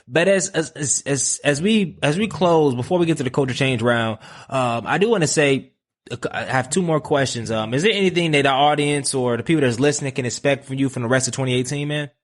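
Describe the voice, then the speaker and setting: A man hosting a podcast, chatting casually and excitably, full of slang like man and bruh. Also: mid-range voice, a little fast. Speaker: podcast host. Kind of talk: casual interview chat.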